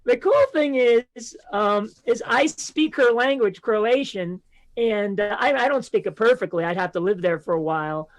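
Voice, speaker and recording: American male stand-up, slightly high voice, halting self-deprecating delivery, video-call audio. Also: low-quality recording. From United States. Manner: hesitant, full of ums and restarts, laughs at himself. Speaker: stand-up comedian.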